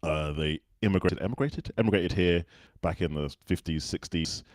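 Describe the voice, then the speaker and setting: A man's voice: sits low, moderate pace, dry recording. A man from the UK with a well-spoken Southern English accent, telling stories as a guest in a casual interview. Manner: relaxed anecdotal storytelling.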